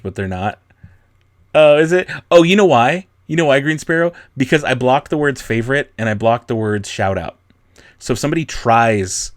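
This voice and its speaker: A man's voice: medium pitch, no room sound, clean studio sound. A young man hosting a casual livestream, reading and answering chat, with frequent laughs and a rambling, self-deprecating way of talking. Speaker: livestream host.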